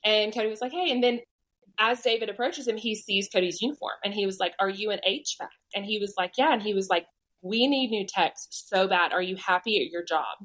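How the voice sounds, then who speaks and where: Southern woman telling a lively story. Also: mid-range voice, brisk, poor audio. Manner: animated, acts out quoted voices. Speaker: podcast guest. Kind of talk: storytelling testimony.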